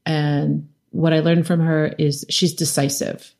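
A middle-aged woman with a low voice speaks as a guest in a conversational interview. She tells her stories with animation, slipping into the voices of the people she quotes and laughing often. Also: level tone, a little slow, vocal fry, a little mellow. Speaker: documentary director, interview guest.

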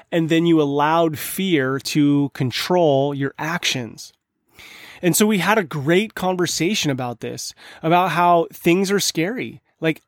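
A man's voice: on the high side, no room sound, clean studio sound. A man in his thirties, hosting a podcast, telling a personal story in an earnest, conversational way. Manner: earnest, conversational, with frequent restarts. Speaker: podcast host. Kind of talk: casual storytelling monologue.

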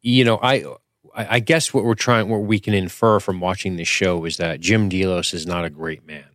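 A man's voice: deep voice, fairly even intonation, moderate pace, a bit bright, no echo, clean studio sound. A young man co-hosting a podcast, chatting casually and profanely about a TV episode, joking and reading scene lines aloud. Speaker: podcast co-host.

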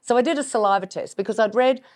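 A middle-aged woman hosting a podcast, telling a personal story in an animated way, laughing and acting out her own reactions. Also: fairly high pitch, fast talker. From Australia. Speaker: podcast host.

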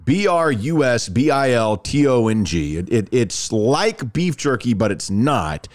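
Animated male sports radio host. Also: mid-range voice, unhurried. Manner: animated storyteller, lively ad delivery. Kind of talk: sports talk and live ad reads.

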